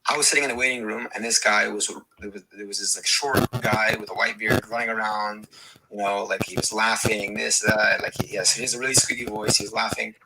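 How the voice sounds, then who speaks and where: A man guesting on a podcast, telling a story in a halting way with many repeats and restarts. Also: lowish voice, little pitch movement, a crowd in the background, low-quality recording. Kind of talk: casual debate and personal story. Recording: clear background hiss.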